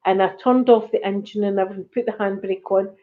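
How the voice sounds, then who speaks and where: A woman's voice: medium pitch, fast. A Scottish woman of middle age tells a story in an easy, chatty way. She acts out what others said as she goes. The recording is a little dull and lo-fi. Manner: animated storyteller, acts out quoted voices. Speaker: channel host. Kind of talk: casual storytelling chat.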